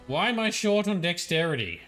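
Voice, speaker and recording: A man's voice: high-pitched, big pitch swings, fairly quick, fairly bright tone, faint music behind. A young man with an Australian accent, chatting and thinking aloud while streaming a game, often laughing. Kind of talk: live-stream gameplay commentary.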